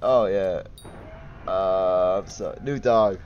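A man's voice: low voice, slow, smooth, highs cut off. A young man giving casual, giggly commentary while livestreaming a game and chatting with viewers. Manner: giggly, easily excited, chatty with chat. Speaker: gaming livestreamer.

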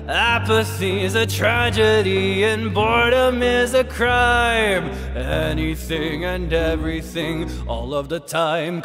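A man's voice: on the high side, gravelly, in a large hall, voice pushed up. A man doing a scary, menacing singing voice.

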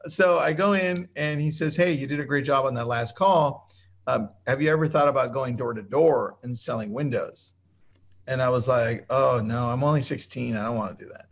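A man's voice: mid-range voice, normal speed. A man co-hosting a webinar in casual chat, upbeat and enthusiastic as he tells stories. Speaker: webinar co-host.

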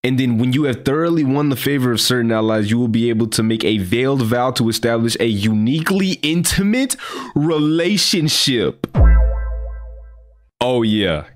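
A young man giving casual, excitable gameplay commentary, joking and trash-talking. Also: medium pitch, moderate pace, faint music behind. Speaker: gaming video host.

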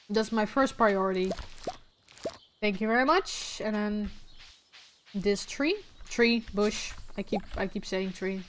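A woman's voice: medium pitch, a bit bright, a little hiss or hum. A young woman streaming a game, keeping up a casual running commentary and often correcting herself. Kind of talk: casual gameplay chat.

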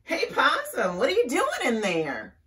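A woman voicing a jittery little skunk that talks high and alarmed. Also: big pitch swings, slow, fairly bright tone, distant mic, exaggerated voice.

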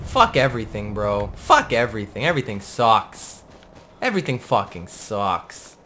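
A man giving casual gameplay commentary in a profane, excitable and joking way. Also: fairly low pitch, moderate pace, a little hiss or hum.

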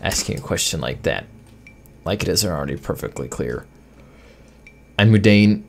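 A man's voice: very deep voice, animated, brisk, vocal fry, husky, soft background music. A man giving sarcastic gameplay commentary, reading the game's text aloud and bantering with the characters in mock offense. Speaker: gaming video host.

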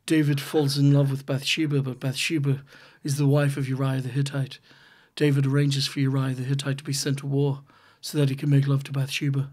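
A man doing a grave, hushed rock-star intro. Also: monotone, natural voice. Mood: solemn. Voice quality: low, grave and measured, trailing into a whisper. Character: impression of a famous male singer giving a solemn spoken intro.

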